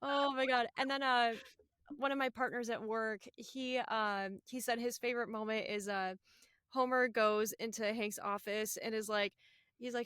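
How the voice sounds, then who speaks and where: A woman co-hosting a podcast in casual chat, enthusiastic and quick to laugh. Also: on the high side, fairly bright tone, dry recording, clean studio sound. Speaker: podcast co-host.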